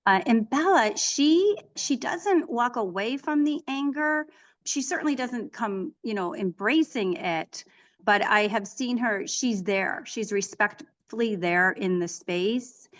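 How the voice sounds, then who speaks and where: A woman's voice: on the high side, slow. Chatty middle-aged woman telling stories. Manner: chatty, animated storytelling with frequent restarts. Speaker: author and equine therapist, guest. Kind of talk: casual interview conversation.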